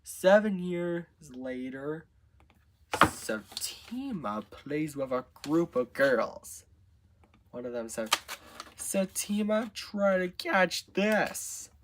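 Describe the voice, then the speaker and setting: A man improvising a story out loud, narrating in a halting way with restarts. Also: medium pitch, a little hiss or hum.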